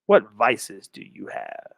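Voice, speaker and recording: A man voicing a creepy, soft-spoken stalker who murmurs slow, low taunts. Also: no echo, studio quality.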